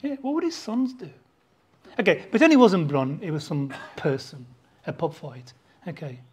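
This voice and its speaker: A preacher delivers a sermon with a lively, rising and falling pitch. He hammers home points with rhetorical questions, swinging from loud outbursts to quiet, hushed asides. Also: moderate pace, breathy edge. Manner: emphatic, full of rhetorical questions.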